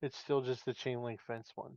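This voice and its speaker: A man's voice: mid-range voice, little pitch movement, normal speed, gravelly, a little mellow, no echo, highs cut off. A man hosting a podcast, leading casual wrestling chat and laughing easily. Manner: leads questions, laughs easily. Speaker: podcast host.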